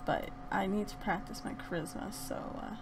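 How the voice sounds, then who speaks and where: A young woman hosting a let's play, chatting through the game in an animated, gushing way with bursts of laughter. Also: mid-range voice, moderate pace, noisy background. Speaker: gaming channel host.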